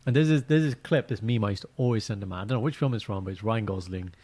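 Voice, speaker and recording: A young man co-hosting a casual podcast, telling animated stories and acting out quotes in a high voice. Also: very fast. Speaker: podcast co-host. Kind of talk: casual chat.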